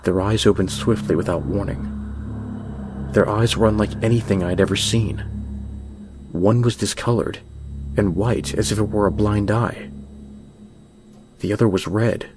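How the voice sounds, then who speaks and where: A man narrating a horror story in a measured, tense way over background music. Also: fairly low pitch, steady tone. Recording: music bed under voice.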